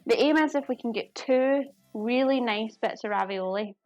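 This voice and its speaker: A Scottish woman from the Glasgow area with a fairly high voice chats away while she cooks, chatty, self-deprecating and quick to laugh. She talks to her viewers as she works, and faint music plays behind her. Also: a little mellow. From Scotland. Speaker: live cooking streamer. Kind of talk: casual chat while cooking and reading chat.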